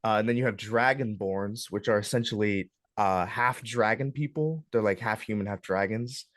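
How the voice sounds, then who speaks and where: A young man with a fairly low voice leads a club workshop, walking a classroom group through options in a relaxed, unhurried, hesitant way full of ums and uhs. The recording is close and dry, with little room sound.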